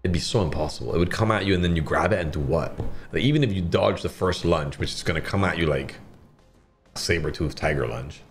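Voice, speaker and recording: A young man from Barbados streaming slots, rambling casually with lots of swearing and sudden shouted bursts. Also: low-pitched, fast, soft background music.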